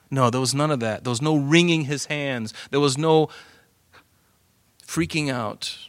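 A man preaching a sermon, lively and animated, swinging from loud emphasis to hushed asides. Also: medium pitch, unhurried, long pauses, smooth, no room sound. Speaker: pastor.

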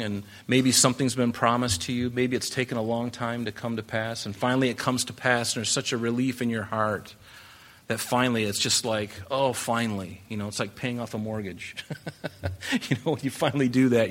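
A male pastor with a bright, forceful voice teaches scripture in a relaxed, conversational sermon. He talks to the congregation directly, tossing in rhetorical questions and quick asides. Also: medium pitch.

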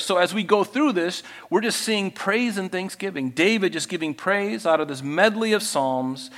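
Male pastor, somewhat high voice, animated preacher who reads scripture and acts out quotes. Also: moderate pace, few pauses. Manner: animated preaching, acting out voices, Bible reading. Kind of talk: sermon.

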